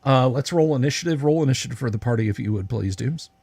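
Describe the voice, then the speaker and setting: A man narrating as game master of a tabletop game on an online stream, casual and halting with many filler words. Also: medium pitch, gravelly, a little mellow, slightly rough. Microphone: video call.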